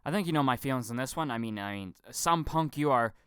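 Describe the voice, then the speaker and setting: A man's voice: medium pitch, animated, quick pace, background noise. A young man ranting casually about film acting, stammering, repeating himself, swearing often and acting out mocking impressions. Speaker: film commentary vlogger. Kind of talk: casual profane rant.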